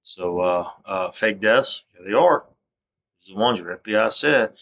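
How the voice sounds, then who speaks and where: A man's voice: on the low side, normal speed, fairly bright tone. Rambling, aggrieved man. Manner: rambling, repetitive, stammering restarts; aggrieved, accusatory. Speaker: vlogger. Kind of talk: rambling self-recorded monologue.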